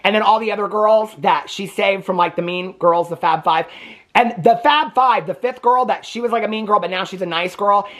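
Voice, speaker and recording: A man's voice: high-pitched, normal speed, fairly bright tone. A man giving a casual, gossipy recap of a movie as a reviewer, chatting with asides and laughs.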